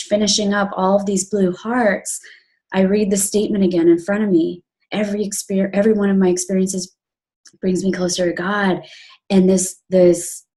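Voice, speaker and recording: A woman's voice: medium pitch, a little mellow. A young adult woman telling an emotional personal story in an earnest, confiding way, with many fillers and restarts.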